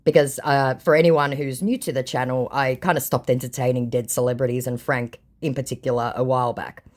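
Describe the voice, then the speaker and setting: A woman's voice: extremely low pitch, fairly even intonation, fairly quick, darkish tone. A woman from Australia who hosts her own channel, telling her story with mocking sarcasm. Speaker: channel host. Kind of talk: sarcastic chat recounting messages.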